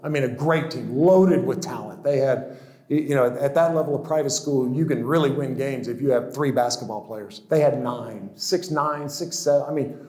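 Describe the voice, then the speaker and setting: A man's voice: a little high, warm tone. Man in his 60s telling his story in a roomy echo. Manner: storytelling with stammered restarts and chuckles. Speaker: guest speaker. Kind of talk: personal testimony talk.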